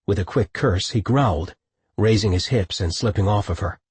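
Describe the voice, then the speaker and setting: A man narrating an audiobook in a low, husky voice. He is recorded close on a studio mic with a dry sound. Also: normal speed, darkish tone, no room sound.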